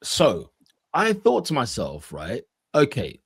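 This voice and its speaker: A man co-hosting a podcast, talking football casually and acting out his own reactions with animated emphasis. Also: medium pitch, takes it slowly, vocal fry, breathy edge, dry recording, clean studio sound. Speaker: podcast co-host.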